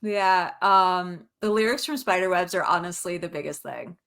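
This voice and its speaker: A woman author answering interview questions in a relaxed, wry way. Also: lowish voice, moderate pace. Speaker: author guest.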